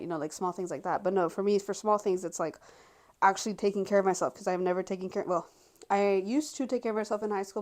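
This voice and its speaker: A woman's voice: medium pitch, darkish tone. Twenties woman, casual home vlog to camera; rambling, frank, filler-heavy delivery. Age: 20s. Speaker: vlogger.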